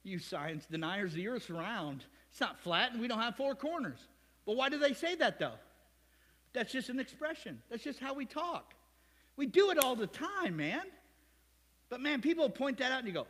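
A man's voice: very high voice, sing-song, moderate pace, fairly bright tone, in a large hall. A man preaching a sermon as pastor, conversational and joking, firing rhetorical questions at the congregation. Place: church sanctuary.

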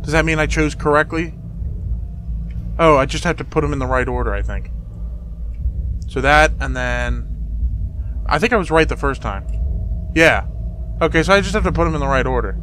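A man's voice: on the high side, lively intonation, moderate pace, pauses often, fairly bright tone, a little hiss or hum. A man giving joking let's-play commentary on a horror game, talking back to the game with jumpy exclamations. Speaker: gameplay streamer.

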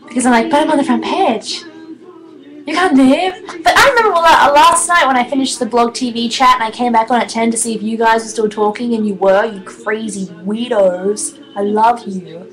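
A woman in her twenties chatting casually on her live stream, excitable, giggly and rambling. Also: on the high side, brisk, hardly any pauses, low-quality recording. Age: 20s.

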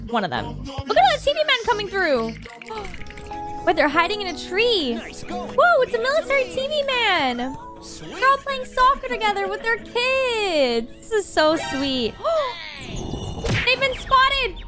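A young woman hosting a reaction video, gasping and gushing with quick exclamations as she comments on animations. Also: very high-pitched, sing-song, loud music behind the voice.

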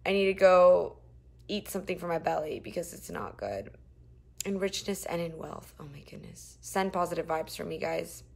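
Here a nauseous young live streamer reads comments and chats with viewers from her phone in a shared apartment. She speaks at a normal speed with a creaky voice that drifts from abrupt loud outbursts to weary murmurs.

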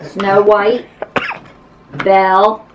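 A woman's voice: medium pitch, level tone, drawn-out words, dull audio. Older woman, grandmother type, playful and teasing, noisy home audio. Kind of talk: casual family chat with a toddler.

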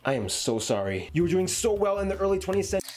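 A man giving scripted narration for a geography video, brisk and wry with jokes. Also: high-pitched, big pitch swings, a little mellow. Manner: brisk, wry, joking delivery.

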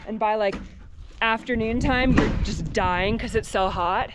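A woman hosting a vlog in a chatty, relaxed casual style. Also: medium pitch, normal speed, loud music behind the voice. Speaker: vlog host.

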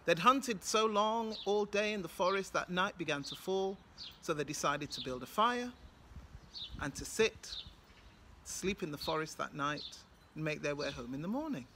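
A woman's voice: lowish voice, expressive, moderate pace, bright, forceful tone, slight background noise. A woman from Britain with a British accent, telling a folktale with rhythmic, dramatic repetition. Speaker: storyteller. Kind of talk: oral folktale storytelling.

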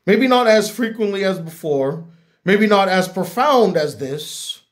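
A man's voice: high voice, lively intonation, measured pace. Earnest, reflective man talking to camera. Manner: earnest and reflective, repeats words as he goes. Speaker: YouTube critic. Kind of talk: heartfelt talk to camera.

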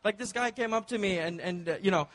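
A man's voice: high voice, quick pace, fairly bright tone. A man from Dubai performing a stand-up comedy set with punchy, playful crowd work on a club stage.

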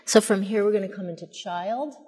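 A woman leading a mother and baby yoga class, giving gentle, soothing cues and cooing at the babies. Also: medium pitch, a little fast, long reverb tail. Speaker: yoga instructor. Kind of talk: guided yoga class instruction.

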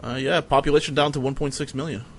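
A man streaming a strategy game, giving casual, profane, sardonic commentary as he thinks out loud. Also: fairly high pitch, fairly even intonation, fast, a little hiss or hum.

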